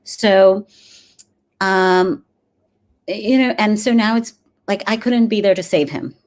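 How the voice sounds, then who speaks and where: A woman in her forties, a dentist and grief coach, talking earnestly in an interview with many pauses and fillers. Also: medium pitch. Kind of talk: conversational interview.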